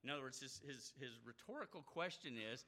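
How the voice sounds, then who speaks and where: A man preaching a sermon in an animated way, acting out the voices he quotes. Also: medium pitch, fairly quick.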